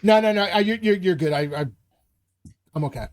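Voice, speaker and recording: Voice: medium pitch, a little fast. Game master narrating with many ums. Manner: rambling narration with many fillers. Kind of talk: narrating a live tabletop game.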